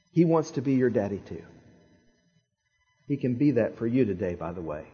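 Man, pastor, sermon storytelling, husky voice, dramatic repetitions, muffled recording. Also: mid-range voice, big pitch swings, normal speed, pauses often, mellow.

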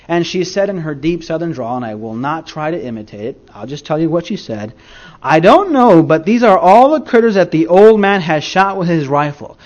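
A male pastor preaching a sermon, telling folksy stories and speaking directly to his congregation. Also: a little high. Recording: dull lo-fi recording.

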